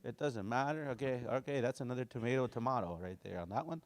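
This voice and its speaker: A man leads a language class in a casual, down-to-earth way. He repeats each phrase slowly so students can hear the sounds, then explains it in plain, folksy terms. His voice sits at an ordinary middle pitch. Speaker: language teacher.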